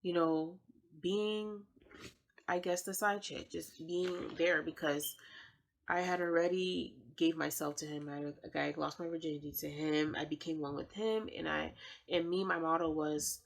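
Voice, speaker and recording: A woman's voice: low-pitched, steady tone, a little slow, gravelly. A woman sharing a personal testimony as a vlogger, speaking in a casual, slangy, conversational way. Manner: slangy, conversational, frequent "I'm like" quotations. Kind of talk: casual spoken storytelling.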